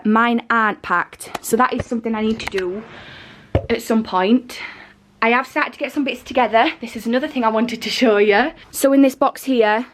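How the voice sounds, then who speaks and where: Breathless pregnant woman vlogging. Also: fairly high pitch. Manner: chatty, rambling, breathless. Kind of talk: casual vlog chat. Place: home living room and nursery, indoors.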